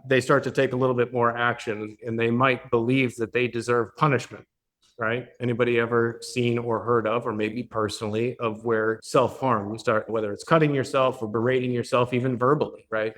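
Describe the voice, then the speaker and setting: A man's voice: mid-range voice, steady tone, a little fast, fairly bright tone. Blunt, profane man teaching a workshop. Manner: blunt, profane, keeps checking in with the audience. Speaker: business coach hosting a mastermind. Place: meeting room with a live audience.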